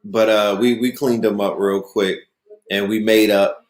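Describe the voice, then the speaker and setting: A man's voice: on the low side, level tone, a little slow, echoey room. A man hosting a casual monologue, telling stories loosely and often asking "you know what I mean". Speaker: host.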